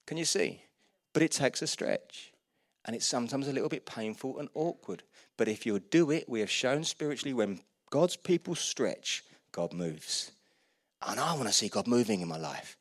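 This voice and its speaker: A man's voice: mid-range voice, moderate pace, dry recording, studio quality. A middle-aged man, a pastor preaching a sermon and acting out short everyday dialogues. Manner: animated preaching, acts out little dialogues.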